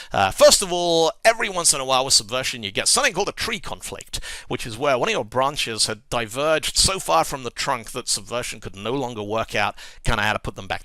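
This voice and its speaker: Lively, gravelly man giving a talk. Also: mid-range voice, no echo. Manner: lively, wry storytelling. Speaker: conference speaker. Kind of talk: presentation talk.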